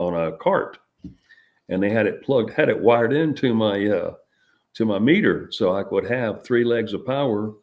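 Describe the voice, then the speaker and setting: Speaking on the low side, a middle-aged interviewee stumbles and restarts repeatedly as he rambles through a story from his own life.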